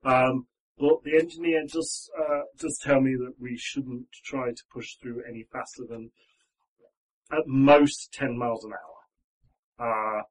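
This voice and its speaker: A man's voice: mid-range voice, steady tone, unhurried, recorded from a distance, close to an everyday voice, rough recording. A man voicing a train steward who apologises politely and hesitantly. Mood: apologetic.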